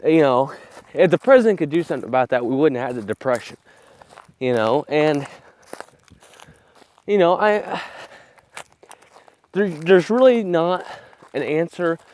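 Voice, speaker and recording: Young guy, somewhat high voice, breathless, blunt and profane, casual outdoor phone vlog. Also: lively intonation, unhurried, long pauses, darkish tone. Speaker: vlogger. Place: outdoors on farm fields. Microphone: phone camera.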